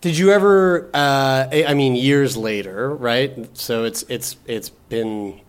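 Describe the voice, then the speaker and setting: A man's voice: medium pitch, slow, clear, resonant tone. A man hosting a casual podcast chat, who asks probing questions and throws in crude, teasing jokes.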